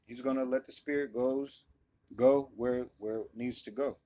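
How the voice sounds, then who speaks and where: A man with a mid-range voice gives an informal Bible lesson. He reads the scripture plainly, then unpacks it in easygoing everyday speech, peppered with quick check-ins to his audience. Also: mid-range voice, steady tone, warm tone. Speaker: Bible teacher. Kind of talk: casual Bible study teaching.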